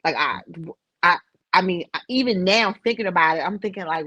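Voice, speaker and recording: A middle-aged woman, a podcast guest, telling a personal story in an emotional, animated way. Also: lowish voice, brisk, no echo. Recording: slightly dull dry recording.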